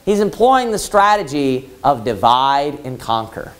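A man's voice: on the high side, very animated, measured pace, a bit bright, smooth. A man preaching a Baptist sermon in a church, telling the story vividly and asking the congregation rhetorical questions.

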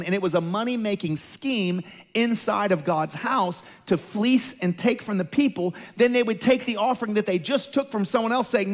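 High-voiced animated man preaching. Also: moderate pace. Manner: animated storyteller, builds to forceful emphasis. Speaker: pastor. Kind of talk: sermon.

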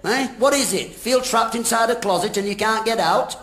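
A man's voice: high voice, normal speed, a bit bright. An older man performing as the straight man of a live comedy double act, scolding his partner in a mock-stern, exasperated way. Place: large theatre stage before a laughing audience. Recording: echoey live theatre recording with audience noise.

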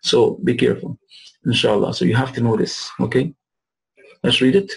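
A man explains Quranic verses in a recorded lesson, teaching their Arabic words and restating terms repeatedly. He speaks at normal speed with a medium-pitched, gravelly, breathy voice, captured in a rough recording.

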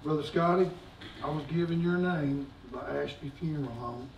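High, gravelly preacher in echoey church. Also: male voice, normal speed, far from the mic, dull audio, slight background noise. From United States. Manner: swings from shouting to hushed, folksy preaching. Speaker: pastor. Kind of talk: sermon. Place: church sanctuary. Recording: echoey church recorded from afar.

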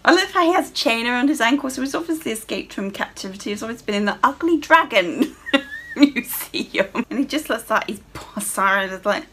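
Young woman, gaming commentary, giggly and foul-mouthed, high voice with a bouncy, lively pitch. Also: a little fast, husky. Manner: giggly, sweary, gushing. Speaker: gamer. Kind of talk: casual gameplay commentary.

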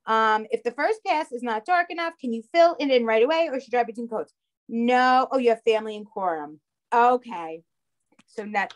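Woman, heavy Long Island accent, craft instructor, chatty live-class delivery. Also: on the high side. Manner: chatty, checks in with "okay?" and "all right".

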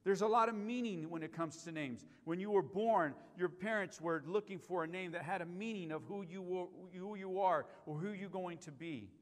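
A male pastor delivers a sermon in a high, ringing voice. He stresses key lines and puts questions to the church. The live stream carries a long reverb from the sanctuary. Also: moderate pace, hardly any pauses. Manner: emphatic preaching, repeats key lines, asks the church questions.

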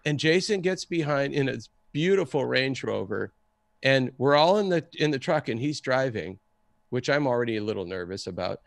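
A man telling a story in a casual, excitable way and acting out the people he quotes. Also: medium pitch, normal speed, vocal fry, no echo. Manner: animated, acts out the people he quotes. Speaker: guest storyteller.

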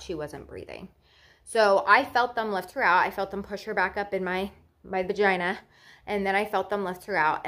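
A woman's voice: mid-range voice, a bit bright. Woman in her twenties retelling a scary birth. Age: 20s. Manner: emotional, swears freely, anxious retelling. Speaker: vlogger. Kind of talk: casual storytelling.

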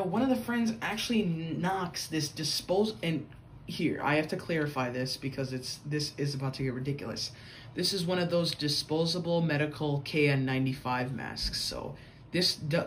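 A man's voice: a little high, slight background noise. A young man telling a casual story-time vlog, rambling with many fillers and a loose, chatty way of talking. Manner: rambling, filler-heavy, says "bro". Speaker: vlogger.

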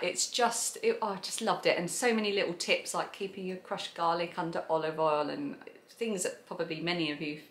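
A woman's voice: on the low side, pushed and bright. Chatty South East London woman, roomy sound. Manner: chatty, enthusiastic, rambling. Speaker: podcast host. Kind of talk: casual chat.

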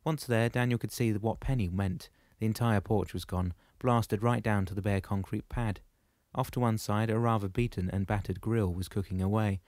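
A man narrates a novel in a steady, measured way. His voice sits low. The recording is close and dry. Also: dry recording. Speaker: audiobook narrator. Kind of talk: scripted narration.

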